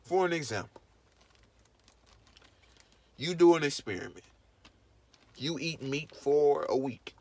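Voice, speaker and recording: A man's voice: on the high side, expressive, slow pace, long pauses, darkish tone. A man vlogging in casual to-camera commentary, emphatic and preachy, repeating his points over and over.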